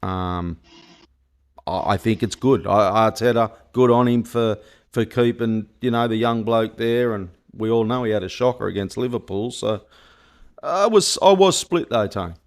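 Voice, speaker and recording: Gravelly Australian man hosting casually. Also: fairly low pitch, moderate pace. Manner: loose, sweary, laughing chatter. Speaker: podcast host. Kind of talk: casual football podcast chat.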